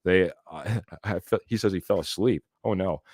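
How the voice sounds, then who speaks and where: A man's voice: low-pitched, normal speed, darkish tone, husky, dry recording, clean studio sound. A man hosting a live sports podcast, chatting casually, reading viewer comments aloud and laughing often. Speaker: podcast host.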